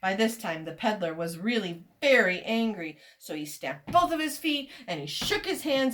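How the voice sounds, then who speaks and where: A woman reading a children's story aloud, expressive and inviting listeners to join in. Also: mid-range voice, moderate pace, few pauses.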